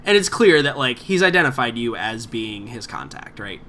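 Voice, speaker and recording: A man's voice: mid-range voice, sing-song, normal speed, pushed and bright, slight background noise. A man narrating as game master in a tabletop game, rambling with many fillers and restarts.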